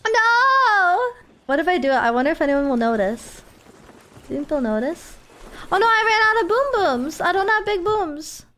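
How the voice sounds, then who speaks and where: A woman's voice: extremely high pitch, very animated, moderate pace, bright, forceful tone. A woman streaming a game, chatting casually and emotionally thanking her viewers, close to tears. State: tearful. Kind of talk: casual live-stream chat while gaming.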